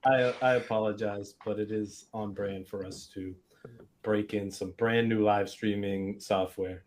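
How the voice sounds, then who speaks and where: A man's voice: on the low side, steady tone, unhurried, darkish tone, slight background noise. A man joining a livestream by video call, laughing and joking.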